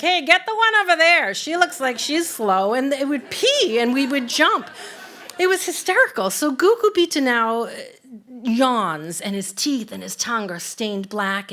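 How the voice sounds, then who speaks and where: A woman telling a true personal story live, in a vivid, animated way that swings from hushed to excited. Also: medium pitch.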